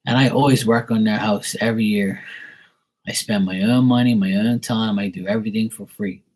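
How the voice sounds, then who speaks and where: A man with a low, husky voice gives a casual live-stream psychic reading. He talks bluntly and emphatically, swearing freely as he makes his points, with a slightly roughened edge to his tone. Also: steady tone, normal speed, darkish tone, poor audio. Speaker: psychic tarot reader.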